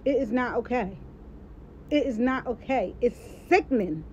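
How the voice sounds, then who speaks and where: A woman's voice: a little high, measured pace, darkish tone, slight background noise. A woman giving a heated, emphatic rant and repeating her points for stress. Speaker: social media personality. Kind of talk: impassioned live-stream rant. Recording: dull lo-fi sound.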